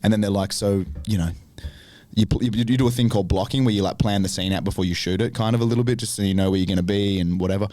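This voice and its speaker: Fast-talking man, lively storyteller. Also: fairly low pitch, no room sound. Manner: animated storytelling with lots of swearing. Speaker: podcast guest, actor. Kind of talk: casual chat.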